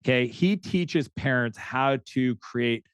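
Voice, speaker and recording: A middle-aged man from Canada talks as a podcast guest in an easygoing, animated way. He tumbles into stories and restarts his sentences, with a mid-pitched voice. The sound is close and dry, with no room echo. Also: slow pace, smooth. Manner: animated storyteller who acts out quoted dialogue, frequent restarts. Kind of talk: casual interview chat.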